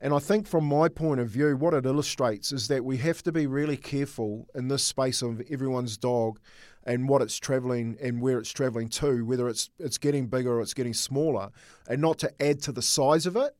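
Casting note: middle-aged man, earnest storyteller, mid pitch, dry booth sound. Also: fairly quick, darkish tone, no echo. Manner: earnest, storytelling, repeats words while thinking. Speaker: former rugby league coach, co-host. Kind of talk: casual sports chat.

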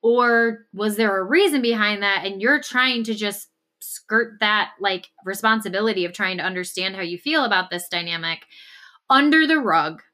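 A woman's voice: mid-range voice, moderate pace. A woman co-hosting a podcast, talking through a relationship problem in an earnest, casual way with lots of "like" fillers. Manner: earnest, animated, frequent "like" fillers. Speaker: podcast co-host. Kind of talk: casual conversational discussion.

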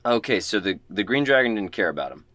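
A man's voice: lowish voice, sing-song, quick pace, a bit bright, no room sound. A man playing a tabletop game, easygoing and thinking aloud. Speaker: player.

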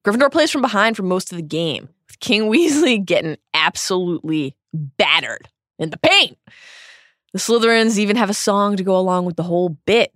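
A woman co-hosting a podcast, reading a wry, animated scripted recap of a book with quick asides. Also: mid-range voice, no room sound, clean studio sound. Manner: animated, wry storytelling with laughs. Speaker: podcast co-host.

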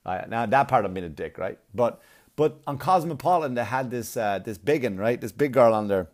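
A man's voice: mid-range voice, lively intonation, fairly quick. A man on a blunt, profane comic rant, arguing and mocking as he goes. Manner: blunt, swearing, argumentative, mocking.

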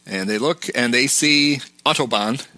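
Podcast host, male: casual recap, bright voice, dry close sound. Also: mid-range voice, unhurried, no room sound. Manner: recounting scenes, quoting dialogue.

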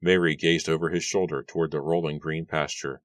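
A man reads an audiobook in an even, steady storytelling manner. His voice is very deep, and the recording is close and dry with no room sound. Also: fairly quick, few pauses, dry recording. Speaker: audiobook narrator. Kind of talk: scripted narration.

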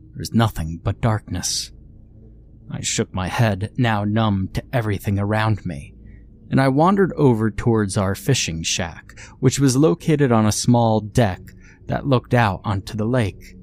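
A man narrating a horror story in a measured, brooding delivery. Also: on the low side, darkish tone.

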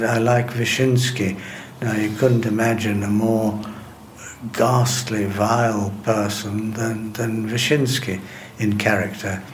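Measured, low-voiced older man recalling the past. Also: a little hiss or hum. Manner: measured, deliberate storytelling with hesitations. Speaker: interviewee recalling wartime interpreting. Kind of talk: reminiscent interview answers.

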